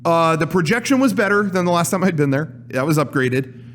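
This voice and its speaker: Lively, animated male podcast host. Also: on the high side, fairly quick, a little hiss or hum. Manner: animated storyteller, acts out quoted lines. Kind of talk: casual podcast chat.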